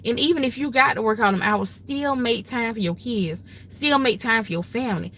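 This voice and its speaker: A woman's voice: fairly high pitch, normal speed, sharp tone, slight background noise. An older woman with grandchildren, hosting a livestream and giving emphatic, folksy, preachy advice in a casual way. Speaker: livestream host.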